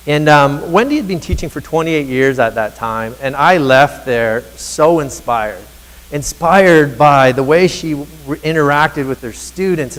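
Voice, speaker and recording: A man in his thirties delivers an earnest motivational talk from a stage, his voice sitting a little high for a man. It rings out with a long hall reverb, and he presses his points home by speaking straight to the crowd. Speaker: conference speaker for teachers.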